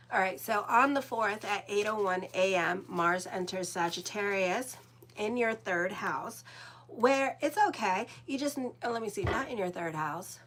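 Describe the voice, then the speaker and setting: A woman's voice: mid-range voice, fairly bright tone, a little hiss or hum. A woman, hosting her horoscope channel in a chatty, rambling, blunt monologue with casual swearing. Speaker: astrologer and channel host.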